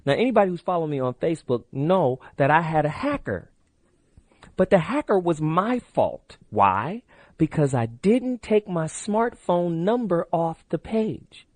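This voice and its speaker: A man's voice: a little high, big pitch swings, measured pace, no room sound. A middle-aged man hosting a radio call-in show, loose and brash, telling stories and pushing the phone number. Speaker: radio talk show host. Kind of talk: late-night radio call-in talk. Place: radio studio. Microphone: studio microphone.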